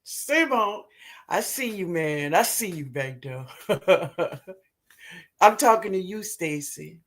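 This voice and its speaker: A woman hosts a casual live stream. She talks slowly and with a lively, up-and-down voice. She greets viewers one by one and laughs often. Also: lowish voice.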